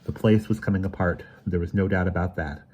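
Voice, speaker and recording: A man reading a children's mystery novel aloud in steady, measured narration. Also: low voice. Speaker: audiobook reader. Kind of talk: storybook narration.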